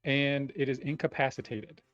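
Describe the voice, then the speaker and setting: A man's voice: medium pitch, steady tone, moderate pace, a bit bright. A man playing a tabletop game casually, joking and explaining the rules. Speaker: player. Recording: dull lo-fi stream audio.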